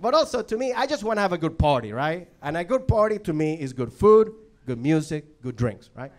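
A young man from Venezuela, a native Spanish speaker with a Venezuelan Spanish accent, doing an animated stand-up comedy set, swearing and acting out voices. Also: on the high side, brisk. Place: comedy club stage. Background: audience laughter.

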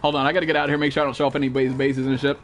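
A man's voice: medium pitch, flat delivery, very fast. A young man streaming a game live, greeting viewers and joking in loose, profane, rambling talk. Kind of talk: live gameplay stream chat.

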